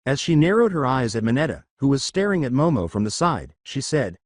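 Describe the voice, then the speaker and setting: A man narrating fan fiction at a steady pace. His pitch moves a lot, and the recording is dry with no room echo. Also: a little fast, few pauses. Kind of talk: read-aloud fan story narration.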